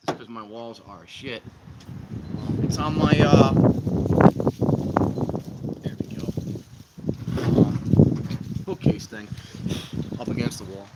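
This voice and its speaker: Beside an outdoor fire pit, a livestream host with a medium-pitched voice talks slowly, pausing often as he rambles and jokes with viewers. Heavy background noise fills the recording.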